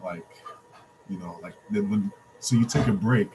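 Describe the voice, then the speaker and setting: A man's voice: fairly low pitch, normal speed, warm tone, slight background noise, low-quality recording. A man joining a video call discussion, speaking hesitantly with many ums and restarts. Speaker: call participant.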